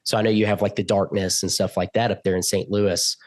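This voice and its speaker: A man telling a story as a podcast guest, acting out the quoted lines with big jumps in pitch. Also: fast talker. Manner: animated, acts out quotes with loud jumps in pitch. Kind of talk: casual storytelling.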